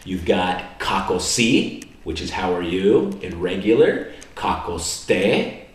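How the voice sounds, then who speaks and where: A man from the United States giving a casual, rambling vlog lesson on basic phrases, slowing down to spell out foreign words. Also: low voice, very animated. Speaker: language learner teaching basic phrases. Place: indoor room in Serbia. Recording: very echoey room, mic far off.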